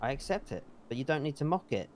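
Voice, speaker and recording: A man's voice: medium pitch, expressive, fast talker, darkish tone. A man playing an angry, swearing character who defends himself in a heated roleplay argument. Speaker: roleplay character in a street dispute.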